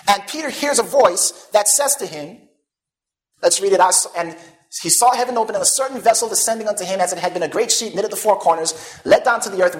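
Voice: mid-range voice, fairly bright tone, rough recording. A preacher delivering a sermon. The preacher reads old-style scripture aloud, explains it, and asks the listeners questions, leaving gaps for them to answer. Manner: calls the listeners "beloved".

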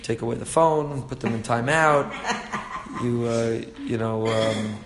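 With a crowd audible behind him, a man speaks in a mid-range voice with fairly even intonation, a little slowly. He is a young-to-middle-aged father of a four-year-old leading a Torah class, reading and translating texts, earnestly explaining passages, repeating phrases, and chuckling at his own stories.

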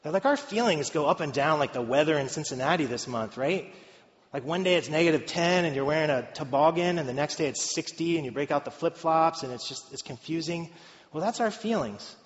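Conversational preacher in an echoey hall. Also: male voice, fairly high pitch, animated, a little fast. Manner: conversational, joking asides to the congregation. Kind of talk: sermon. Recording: echoey hall, dull lo-fi sound.

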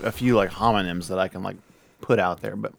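A man's voice: low voice, steady tone, brisk, gravelly, a loud crowd. A man co-hosting a casual podcast, rambling with many fillers and restarts as he explains things. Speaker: podcast co-host and storyteller.

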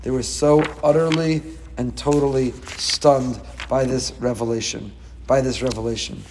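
A middle-aged man teaching a Torah class as a rabbi, dramatic and animated, with quick humorous asides. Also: mid-range voice, long reverb tail, slight background noise.

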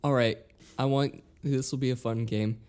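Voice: mid-range voice, steady tone, moderate pace, a little mellow, clean tone. A podcast co-host in casual chat, playful and teasing, reading headlines aloud with relish.

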